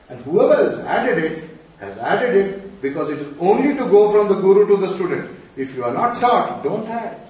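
A man teaching mantras to a group, quizzing his listeners emphatically and chanting verses slowly. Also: sits high, darkish tone. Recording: echoey room, distant mic.

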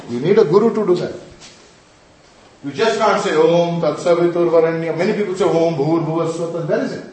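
A man teaching mantras to a group, quizzing his listeners emphatically and chanting verses slowly. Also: high voice, a little mellow, a little hiss or hum. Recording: echoey room, distant mic.

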